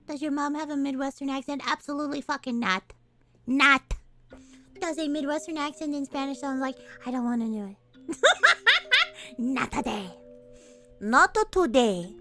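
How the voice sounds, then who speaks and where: A playful, jokey woman chats casually on a stream, swearing freely between lines she reads aloud. Her voice sits high and bright. Soft music runs underneath. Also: very animated, moderate pace, long pauses. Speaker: streamer and voice actor. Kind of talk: casual livestream chat while reading a game aloud.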